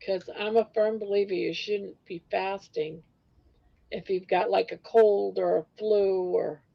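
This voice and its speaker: A woman's voice: mid-range voice, fairly even intonation, a little slow, creaky. An older woman hosting a casual live-stream chat, rambling from one thing to the next. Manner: rambling, breaks into song snatches. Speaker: host. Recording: dull lo-fi stream audio.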